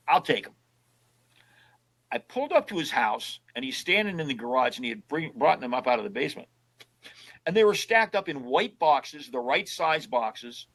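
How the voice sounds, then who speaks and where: A man's voice: medium pitch, a bit bright, poor audio. An older man, a guest in an interview, telling casual stories and acting out both sides of old conversations in a folksy way. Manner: folksy storyteller who acts out both sides of past conversations.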